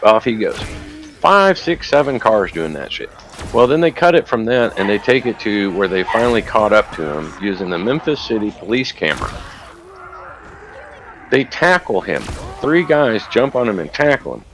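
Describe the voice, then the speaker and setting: A man's voice: on the low side, sing-song, normal speed, noisy background. A man casually retelling a story while gaming, rambling and profane. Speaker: gamer recounting a news video.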